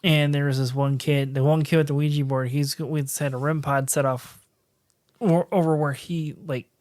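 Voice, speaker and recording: A man's voice: a little high, fairly even intonation, moderate pace, a little mellow. A man in casual podcast chat, telling a story in loose, rambling run-on sentences full of fillers.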